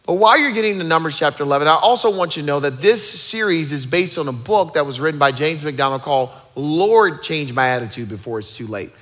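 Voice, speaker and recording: Male pastor, 30s, sermon; energetic, joking asides, bright forceful tone. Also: a little high, quick pace, hardly any pauses.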